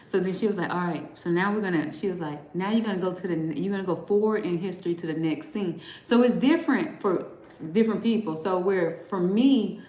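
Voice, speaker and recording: A woman's voice: mid-range voice, roomy sound, low-quality recording. A woman hosting a live show, telling a long personal story casually, saying "like" often and acting out both sides of the dialogue. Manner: animated storyteller, heavy use of "like", acting out quoted dialogue. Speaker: host.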